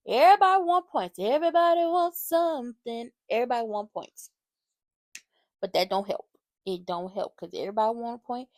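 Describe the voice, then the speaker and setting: A woman recapping a reality show for her channel, animated and fired up, talking straight to her viewers. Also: mid-range voice, dry recording, studio quality. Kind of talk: casual recap commentary.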